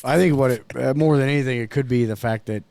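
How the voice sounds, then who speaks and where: A man's voice: mid-range voice, fast, gravelly, a little mellow, slight background noise. A man co-hosting a podcast in casual chat, crude and joking, often acting out other voices. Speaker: podcast co-host. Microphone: studio mic.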